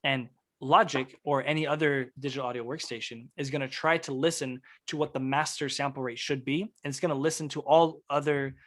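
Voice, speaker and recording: A man's voice: medium pitch, a little fast. Laid-back man teaching music production. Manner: relaxed, technical explaining with fillers. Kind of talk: casual online workshop teaching. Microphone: video call.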